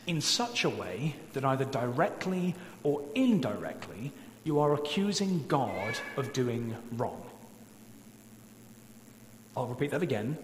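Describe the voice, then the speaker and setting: A man preaching a sermon as pastor, earnest and pleading, slowing down to stress key points. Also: mid-range voice, very animated. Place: church sanctuary. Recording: echoey church hall, faint hum.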